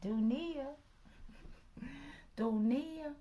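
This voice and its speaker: A woman's voice: high voice, drawn-out words, mellow. Chatty tarot-reading woman, half-whispering. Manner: chatty, slips into whispers, says "okay" constantly. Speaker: tarot reader.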